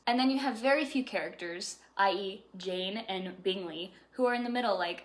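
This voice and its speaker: A woman in her twenties giving a chatty, sassy, animated book review vlog. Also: mid-range voice, fairly quick, hardly any pauses.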